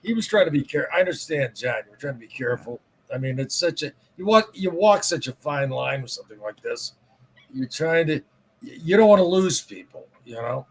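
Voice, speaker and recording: A man's voice: a little high, lively intonation, brisk, breathy edge. A man hosting a casual podcast interview, talking frankly with swearing and many restarts. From Michigan. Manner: candid, swears, stumbling restarts. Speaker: podcast host.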